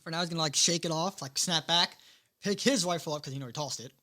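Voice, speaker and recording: A man's voice: fairly high pitch, quick pace, bright, forceful tone. A man playing in a tabletop role-play game, talking hesitantly with many filler words. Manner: hesitant, rambling with many likes. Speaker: player.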